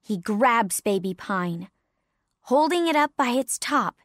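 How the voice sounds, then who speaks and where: Slow, lively woman reading a story. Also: on the high side, no room sound, studio quality. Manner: clear, deliberate reading. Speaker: English teacher and narrator. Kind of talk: slow storybook narration for learners.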